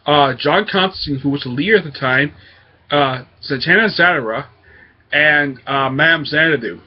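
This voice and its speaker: A man's voice: a little high, normal speed, dull audio. A man hosting his own comic book review show, talking casually and hesitantly with lots of fillers. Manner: rambling, hesitant with many fillers.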